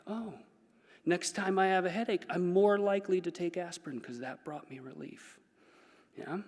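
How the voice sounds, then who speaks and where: A man giving a lively conference talk as a psychologist, playfully acting out the voices he quotes. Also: fairly high pitch. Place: conference hall. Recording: reverberant conference hall.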